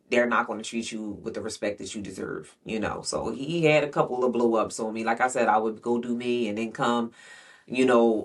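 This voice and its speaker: A man's voice: medium pitch, a bit bright, far from the mic. A man telling a frank, rambling personal story in casual slang, storytime vlog style. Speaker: vlogger. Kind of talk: candid storytime monologue.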